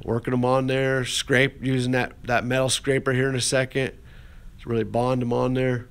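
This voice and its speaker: A man's voice: medium pitch, level tone, normal speed, clear, resonant tone. A man teaching an art class, walking through a clay demonstration in a folksy, encouraging way with plenty of fillers and restarts.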